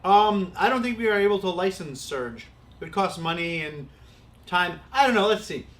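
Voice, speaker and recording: High-voiced, easygoing male host. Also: normal speed. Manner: relaxed, reads out viewer comments. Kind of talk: casual livestream chat.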